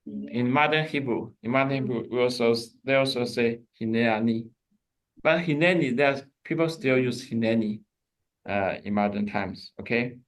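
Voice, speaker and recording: A man teaching a Hebrew lesson, repeating words and stopping to explain. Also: mid-range voice. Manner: slow, repeats words, pauses a recording to explain. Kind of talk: classroom lesson.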